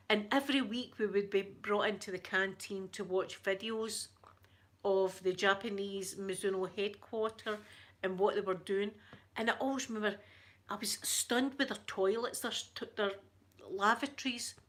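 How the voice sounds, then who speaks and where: A woman's voice: mid-range voice, steady tone, normal speed, a bit bright. A middle-aged woman with a thick Scottish accent, chatting casually with viewers on her livestream, laughing often. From Scotland. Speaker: livestream host. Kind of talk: casual chat with live viewers.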